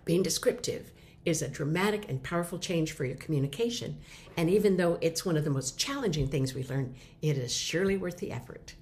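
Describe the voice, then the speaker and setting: Middle-aged woman, lower voice, friendly explainer type for a teaching talk. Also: fairly quick, a little mellow. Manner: conversational, explains with short acted examples. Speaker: communication teacher. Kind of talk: instructional talk to camera.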